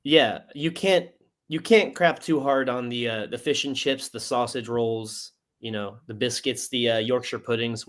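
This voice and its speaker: Male co-host, mid-pitched, relaxed and hesitant, plenty of "uh"s. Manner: easygoing, hesitant, many fillers. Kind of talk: casual sports talk.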